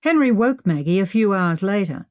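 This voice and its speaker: A woman narrating an adventure audiobook in a steady, measured manner. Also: mid-range voice, no echo, clean studio sound.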